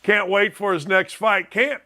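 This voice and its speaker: A middle-aged man hosting a sports talk show, loud and fired up, ranting with bursts of shouting. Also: high voice, unhurried.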